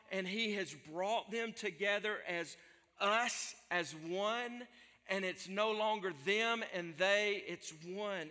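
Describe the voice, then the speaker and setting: A man's voice: sits high, pushed and bright, long reverb tail. A man preaching a sermon as a pastor, emphatic and building phrases through repetition.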